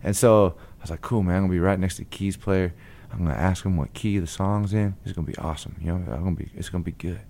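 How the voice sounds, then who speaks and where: A man from Long Beach, California, a blues guitarist, telling a story in a lively way and acting out the people in it. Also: low-pitched, fast talker, vocal fry, hardly any pauses, a little hiss or hum. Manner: lively, acts out the other people in his stories. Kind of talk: animated storytelling.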